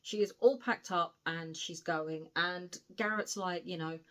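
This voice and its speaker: A British woman giving a casual spoiler recap of a novel she reviews, retelling it in an animated way with cheeky asides and the odd swear word. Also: lowish voice, measured pace, hardly any pauses. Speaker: book reviewer.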